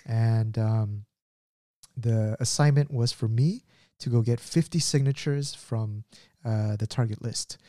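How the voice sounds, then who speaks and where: A man in his thirties hosting a podcast and telling a story in an animated, casual way, laughing at himself. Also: fairly low pitch, takes it slowly, no echo, clean studio sound. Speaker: podcast host.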